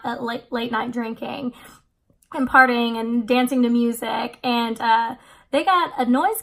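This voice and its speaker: A woman's voice: fairly high pitch, a bit bright. A woman in her twenties, a vlogger, casually telling a trip story with many fillers. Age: 20s.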